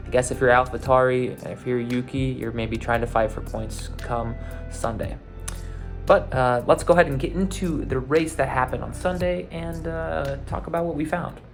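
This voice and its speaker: A man's voice: mid-range voice, normal speed, vocal fry, faint music behind. Casual man recapping a race. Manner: relaxed, loose, many fillers and restarts. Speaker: podcast host recapping a race.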